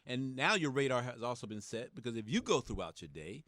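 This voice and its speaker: Fast-talking man, animated podcast co-host. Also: mid-range voice, dry recording, clean studio sound. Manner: fast, animated storyteller acting out quoted voices. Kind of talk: casual chat.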